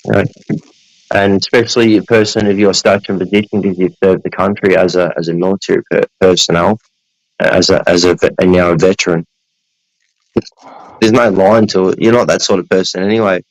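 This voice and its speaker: A man's voice: sits low, steady tone, brisk, dry recording, poor audio. An Australian man hosting a casual chat in a blunt, sweary, earnest way.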